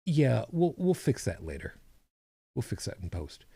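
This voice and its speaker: A man's voice: medium pitch, big pitch swings, unhurried, creaky, dark tone, husky, no room sound. A man co-hosting a podcast, chatting casually with a rambling, self-correcting manner and dry humor. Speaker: podcast co-host. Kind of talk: casual chat.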